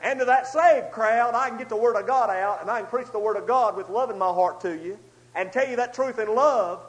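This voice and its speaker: Man, preacher, fairly high voice, emphatic, loud then hushed. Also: brisk, poor audio. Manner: emphatic, swings between loud outbursts and hushed asides. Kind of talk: sermon with storytelling.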